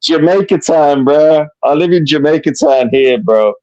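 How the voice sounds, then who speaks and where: A man in his fifties with a Birmingham accent, calling into a live stream. He talks in an animated way, swearing freely and leaning on "listen, bro" again and again. His voice sits a little high for a man. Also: measured pace, muffled recording. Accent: Birmingham English. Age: 50s. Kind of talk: casual chat.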